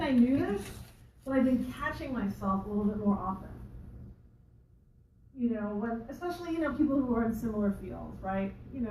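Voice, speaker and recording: A woman's voice: on the high side, warm tone, slight background noise. A woman coach giving a motivational talk to a live audience, chatty and rambling, with many restarts and asides. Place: library event room. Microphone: room recording from a distance. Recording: echoey room, voice far from mic.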